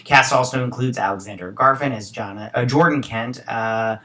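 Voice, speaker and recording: Bright-voiced man chatting casually. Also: mid-range voice, moderate pace. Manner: rambling, opinionated asides between read-out passages. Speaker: host. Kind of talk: casual news roundup with commentary.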